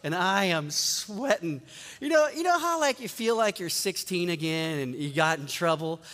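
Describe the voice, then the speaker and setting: A male pastor with a high-pitched voice delivers a sermon in a relaxed storytelling way. He plays out each exchange as he tells it. His voice carries a long reverb, as if it fills a large church sanctuary. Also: normal speed. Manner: conversational storytelling, acting out dialogue.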